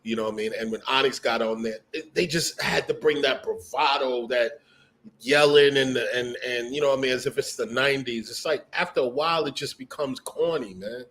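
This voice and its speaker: A man's voice: mid-range voice, a little fast, fairly bright tone. A man co-hosting a podcast in casual chat, laid-back, slangy and profane. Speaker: podcast co-host.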